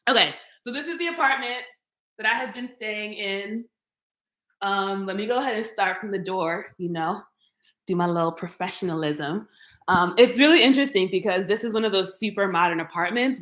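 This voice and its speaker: A young woman chats on a live stream as she walks through her modern apartment, playful and talking straight to her viewers. Her voice sits at an everyday pitch, and the rooms around her have a noticeable echo. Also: normal speed, fairly bright tone. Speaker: YouTuber giving an apartment tour. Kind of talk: casual live-stream chat. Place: modern open-plan apartment, indoors. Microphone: camera mic, walking through rooms.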